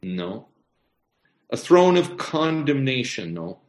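A man's voice: medium pitch, big pitch swings, slow. A man preaching a sermon in a conversational way, repeating phrases and asking the listeners questions. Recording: echoey room.

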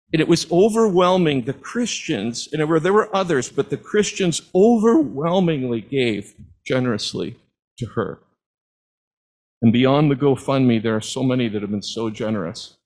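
A man's voice: mid-range voice, expressive, moderate pace, low-quality recording. Middle-aged guy giving a testimony sermon, earnest storytelling, kinda emotional. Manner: earnest storytelling, at times moved to tears. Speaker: preacher.

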